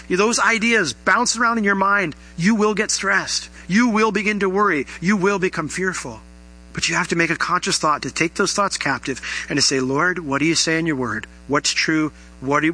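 Bright-voiced man preaching a sermon. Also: fairly high pitch, moderate pace, low-quality recording. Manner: earnest, conversational preaching with rhetorical questions. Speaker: pastor.

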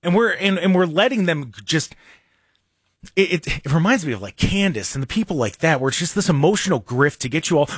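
A man rants about sports with heavy sarcasm, his voice swinging up high and down low as he talks. His pitch sits fairly high for a man. The sound is close and dry, with no room echo. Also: normal speed, breathy edge. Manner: animated and sarcastic, mocking others in put-on voices. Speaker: sports radio host. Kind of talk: opinionated sports rant.

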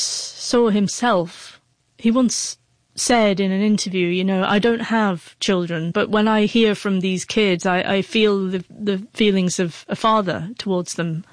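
Recorded dry, a woman with a mid-range voice tells an emotional story from her life as a guest in an interview. She is an author, and her heartfelt account is broken up by a stutter of repeated sounds.

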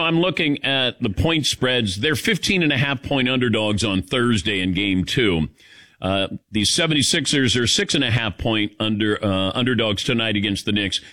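A man's voice: medium pitch, bright, forceful tone, no room sound. An older man hosting a sports talk show. He talks in a loose, conversational way, moving from game talk into sponsor reads. The sound is dry and close. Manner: conversational, easygoing, reads ad copy between chat. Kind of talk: casual sports radio talk.

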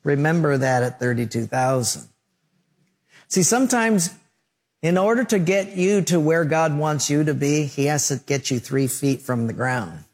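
A middle-aged male pastor preaching a sermon, telling lively stories with sound effects and acted-out quotes. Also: on the high side, in a large hall.

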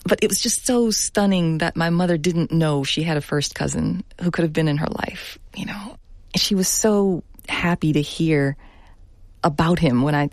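A middle-aged woman journalist giving a thoughtful radio interview, speaking earnestly and laughing softly now and then. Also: deep voice, no room sound. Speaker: journalist guest.

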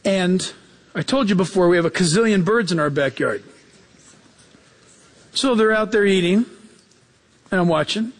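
High-voiced, animated male preacher. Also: moderate pace, pauses often, in a large hall. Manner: animated storytelling, acts out quotes with jumps in pitch; emphatic, repeats key phrases. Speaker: pastor. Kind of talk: sermon.

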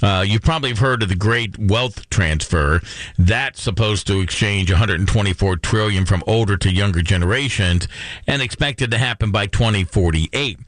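A man's voice: on the low side, moderate pace, a bit bright, no room sound. A middle-aged man hosting a radio show, talking casually in a chatty, rambling way with lots of fillers. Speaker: radio host.

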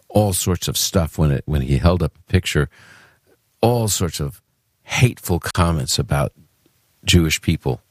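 A man's voice: a bass voice, dry recording. A man from Brooklyn with a New York accent, hosting a call-in radio show in a casual, chatty way with restarts. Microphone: studio microphone.

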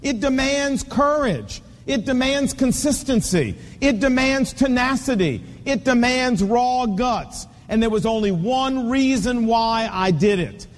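High-voiced preacher man in a hall. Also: lively intonation, measured pace, hardly any pauses. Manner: emphatic, storytelling with repeated punchy phrases. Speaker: pastor. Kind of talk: sermon. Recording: long reverb of a large hall.

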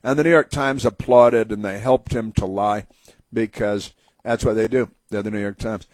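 A man's voice: on the low side, fairly even intonation, normal speed, a little mellow, dry recording. A man hosting political talk radio, rambling and mocking in a sarcastic tone. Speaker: radio host.

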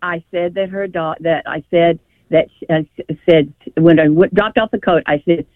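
A woman's voice: on the low side, fairly even intonation, normal speed, dry recording. An older woman calling in to a radio show, telling a long, emotional story in a rambling way with many restarts. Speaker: caller. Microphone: telephone. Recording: tinny phone line.

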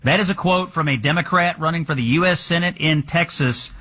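A man's voice: a little high, a little fast, few pauses, bright, forceful tone, husky. A man hosting a political talk show in a sardonic, mocking way. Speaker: host.

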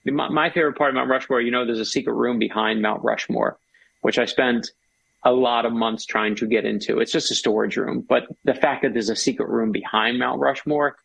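Gravelly, husky-voiced man in conversation. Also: mid-range voice, steady tone, brisk, a bit bright, no room sound, poor audio. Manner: enthusiastic, storytelling. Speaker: author and guest. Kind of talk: casual conversation.

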